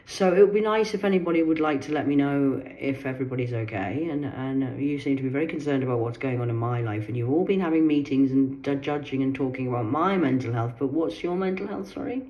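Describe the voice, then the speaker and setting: An older woman delivering a rambling personal monologue in her garden, agitated, swearing and swinging between low muttering and sharp outbursts. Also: fast talker, hardly any pauses, lo-fi sound. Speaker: vlogger. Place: sitting in her garden outdoors.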